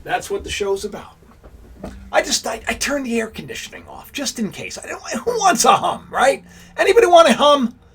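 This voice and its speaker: A man's voice: very high voice, sing-song, normal speed, a bit bright, slight background noise. A man hosting a casual live stream, talking straight to his viewers, greeting them and rambling with frequent restarts. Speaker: livestream host.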